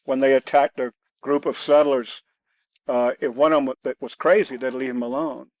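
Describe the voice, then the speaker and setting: A man's voice: mid-range voice, fairly even intonation, moderate pace, a little mellow, no echo. Blunt, matter-of-fact man. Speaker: guest, self-defense author. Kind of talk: conversational podcast storytelling.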